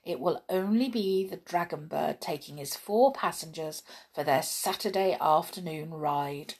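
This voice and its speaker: A woman's voice: low-pitched, unhurried, slightly rough. Woman reading a children's storybook. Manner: gentle, expressive reading with lively dialogue voices.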